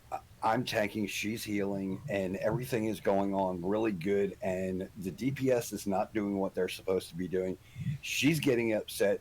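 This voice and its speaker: A man's voice: on the low side, a little mellow, a little hiss or hum, rough recording. A middle-aged man, a guest on the show, telling a story in casual chat with lots of ums and restarts. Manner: rambling storyteller with many ums. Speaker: podcast guest.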